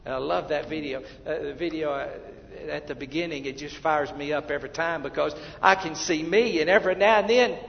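A man preaching a fervent sermon as pastor of a church, swinging from shouted lines to hushed asides. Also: on the high side, a little fast, creaky, few pauses, slight background noise. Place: church sanctuary. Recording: dull, lo-fi, with long hall reverb.

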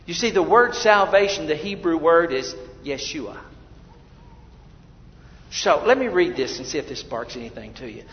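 A man preaching a sermon as pastor, swinging between loud, emphatic reading and quiet, intimate asides to his listeners. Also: a little high, expressive, normal speed. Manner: addresses listeners as beloved. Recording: long hall reverb, dull lo-fi sound.

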